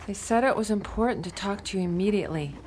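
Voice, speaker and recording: A woman voicing a polite, brisk school secretary in a children's radio drama. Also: medium pitch, expressive, darkish tone, slight background noise, close to an everyday voice.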